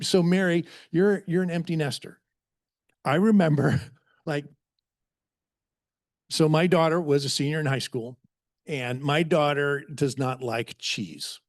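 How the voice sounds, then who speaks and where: A man's voice: a little high, a little mellow, no room sound, clean studio sound. A middle-aged man preaching a sermon in an earnest, conversational way, telling stories about himself. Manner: earnest, conversational, self-deprecating storytelling. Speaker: pastor.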